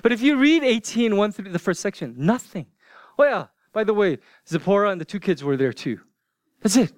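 A man with a notably high voice preaches to his church in a relaxed, chatty way. He lets some lines sink to a hush. The sound is dry and close. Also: fairly quick, no echo. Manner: conversational, dropping to hushed whispers for emphasis. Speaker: pastor. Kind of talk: sermon.

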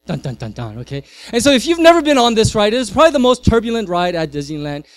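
A man in his thirties, a pastor, preaching a sermon and telling a family story with lively swings from loud to hushed. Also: very high voice, quick pace, clear, resonant tone, no room sound.

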